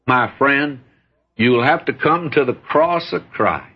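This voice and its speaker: A man preaching a sermon, telling stories in a folksy way with lively rises and falls in pitch. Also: slow pace, husky. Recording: dull lo-fi recording.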